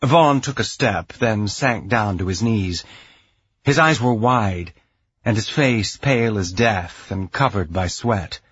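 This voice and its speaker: A man narrating a science fiction audiobook in a measured, even storytelling voice. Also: on the low side, breathy edge, no echo, dull audio. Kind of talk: scripted narration.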